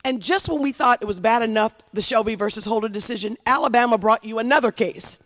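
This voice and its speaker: A woman's voice: a little high, quick pace, a bit bright, big-room sound. A congresswoman giving an impassioned speech at a commemoration, repeating phrases for emphasis. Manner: impassioned, rising to rallying calls.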